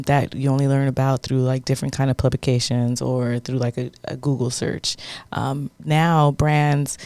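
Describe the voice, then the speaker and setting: Casting: talkative female podcast co-host, gravelly edge, dry close sound. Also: extremely low pitch, no room sound. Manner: animated, fillers like "like" and "you know what I mean". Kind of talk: casual chat.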